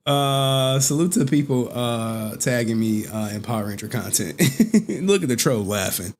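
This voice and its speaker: Speaking slowly with a darkish, animated mid-range voice, this man hosts a stream and rambles casually through his commentary. He's giggly, often bursting into laughter and repeating himself.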